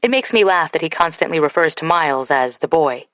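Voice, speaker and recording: Low-voiced female audiobook narrator. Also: expressive, fairly quick, a bit bright, dry recording. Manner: casual, conversational. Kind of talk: first-person audiobook narration.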